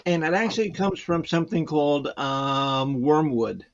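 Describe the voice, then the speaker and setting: A man's voice: fairly high pitch, moderate pace, highs cut off. A man guest chatting casually in a rambling, hesitant way, full of fillers. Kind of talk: casual chat.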